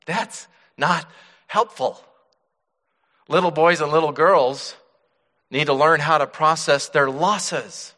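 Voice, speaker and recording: A middle-aged male pastor preaching a sermon, dropping to soft hushed tones and then rising with emphasis. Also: a little high, slow pace, pauses often. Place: church sanctuary. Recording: church hall reverb.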